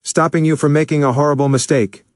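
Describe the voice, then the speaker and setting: A man's voice: fairly high pitch, fairly even intonation, fast, no echo, clean studio sound, voice pushed up, close to an everyday voice. A man voicing an urgent young hero. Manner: urgent, pleading. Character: earnest young male hero pleading.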